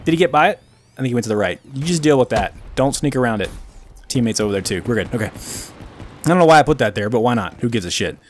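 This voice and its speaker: Casual male let's-play commentator, self-deprecating, animated delivery with sudden yelps. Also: mid-range voice, fast, a little hiss or hum. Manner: self-mocking, excitable outbursts and muttering. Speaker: gaming commentator.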